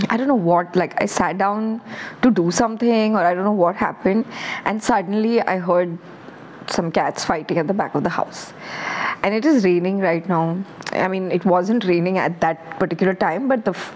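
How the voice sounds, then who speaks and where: A woman talks alone on her own podcast in a candid, rambling, self-reflective monologue. Her lowish voice is unhurried and darkish, and the rough recording has a little hiss or hum.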